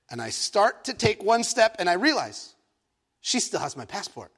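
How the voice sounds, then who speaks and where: A man from Egypt preaching a sermon, telling a story in an animated, playful way with self-mocking asides. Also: high-pitched, unhurried. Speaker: pastor.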